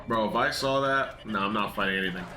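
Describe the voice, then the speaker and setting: A young man in casual, profane reaction commentary, excitable and laughing, mocking the characters in put-on voices. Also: on the low side, quick pace, background noise. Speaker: anime reaction youtuber. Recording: echoey room.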